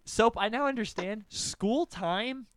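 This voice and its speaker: Guy on a podcast, kinda high voice, rambling animated story full of likes and swearing. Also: takes it slowly, dry recording. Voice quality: animated, profane storytelling with frequent fillers. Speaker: podcast co-host telling a story. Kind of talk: casual chat.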